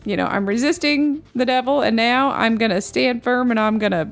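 A woman co-hosting a casual faith discussion, telling her own stories in an earnest, chatty way with quick asides. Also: on the high side, creaky, faint music behind. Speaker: podcast co-host.

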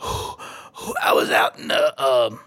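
A man's voice: a little slow, fairly bright tone, lightly acted. A man playing a dim, touchy hillbilly, who rambles in a drawling, self-pitying way in a radio comedy bit. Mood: winded. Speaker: recurring character.

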